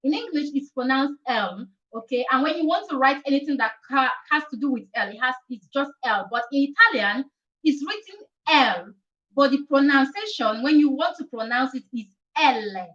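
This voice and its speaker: Bright, high-voiced woman teaching a lesson. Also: expressive, moderate pace, highs cut off. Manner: repetitive, explains each point several times with many "okay?" checks. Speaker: language teacher hosting a live chat. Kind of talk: casual live-stream lesson.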